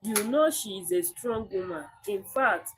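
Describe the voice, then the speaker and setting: A woman reading the part of a calm village man who keeps the peace, speaking slowly and soothingly. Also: medium pitch, a little hiss or hum, lightly acted. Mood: reassuring.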